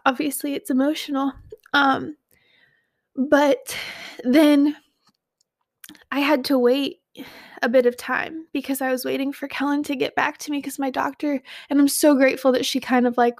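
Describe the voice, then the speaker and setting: A young woman with a high, light voice shares a painful loss to camera. She is tearful and heartfelt, breaking off and restarting as she speaks. The sound is close and dry, with no room around it. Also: little pitch movement, dry recording. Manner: open and heartfelt, with soft laughs and halting restarts. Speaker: mother sharing a personal loss. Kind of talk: personal storytelling to camera.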